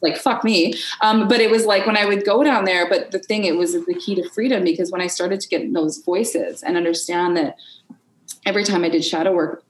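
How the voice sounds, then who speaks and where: A woman as a podcast guest in an unscripted conversation, candid and expressive, swearing freely and acting out her inner voices. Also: fairly low pitch, a little fast, reverberant, rough recording.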